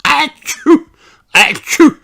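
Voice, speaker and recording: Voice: drawn-out words, a bit bright. A reader voicing a sniffly little boy pony who keeps sneezing, in a storybook. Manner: sniffly, sneezing between words.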